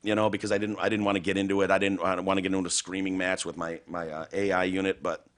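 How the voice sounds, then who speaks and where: A man hosting a casual podcast, telling crude, profane stories with big jumps in pitch. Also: flat delivery, rapid-fire, a bit bright. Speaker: podcast host.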